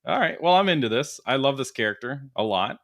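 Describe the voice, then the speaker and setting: A man's voice: mid-range voice, big pitch swings, brisk, fairly bright tone. A man co-hosting a casual chat, joking with a dry sense of humor. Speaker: co-host.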